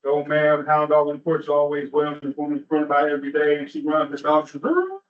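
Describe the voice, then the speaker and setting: A man's voice: a little high, completely flat delivery, fast talker. A man from Atlanta giving a motivational, storytelling keynote at a training event, with a rhythmic delivery and rhetorical asides. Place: large room at a training event. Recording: muffled, distant from the mic.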